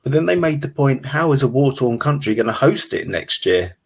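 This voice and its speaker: A man's voice: medium pitch, sing-song, a little fast, husky. A man chatting casually on a stream in a dry, matter-of-fact way. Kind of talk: casual chat.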